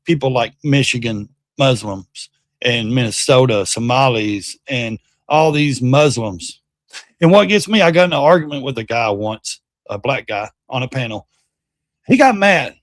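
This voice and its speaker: On his livestream, a man with a mid-range voice delivers heated political commentary as a blunt, profane rant, mocking others by quoting them in put-on voices. He's animated but unhurried, and the sound is clean studio quality with no room sound.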